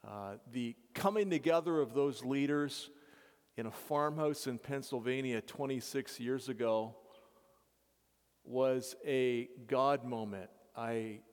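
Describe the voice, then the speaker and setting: A man who leads mission work, telling his story to a congregation earnestly, with halting restarts. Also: mid-range voice, clear, resonant tone. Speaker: mission leader. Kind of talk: testimony to a congregation. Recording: reverberant hall.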